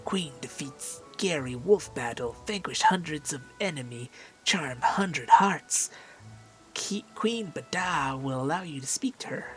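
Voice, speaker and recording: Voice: medium pitch, expressive, a little slow, fairly bright tone, faint music behind. A gamer voicing a tiny, mocking male mite seneschal in a sing-song way. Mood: fawning. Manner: taunting sing-song, fawning.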